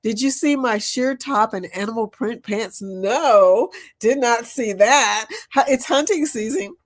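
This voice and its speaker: A woman hosting a casual live-stream chat, talking loudly and laughing often. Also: fairly high pitch, measured pace. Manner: animated, laughs often, loud and lively.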